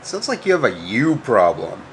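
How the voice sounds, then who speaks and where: A man's voice: fairly low pitch, big pitch swings, normal speed, a little hiss or hum. A middle-aged man hosting his channel, delivering a combative, sarcastic rant that mocks his critics. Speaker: channel host. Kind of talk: ranting monologue to camera.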